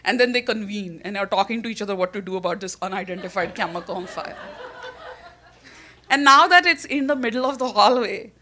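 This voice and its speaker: Bright-voiced Indian woman telling a story. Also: medium pitch, brisk, a little hiss or hum. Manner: animated, laughs often mid-sentence. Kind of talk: personal storytelling on stage.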